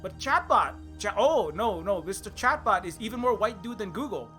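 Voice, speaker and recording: A man's voice: high-pitched, expressive, normal speed, bright, forceful tone, faint music behind. A man giving rambling, sarcastic satirical commentary as a video essayist. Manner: rambling, sarcastic, many fillers and restarts.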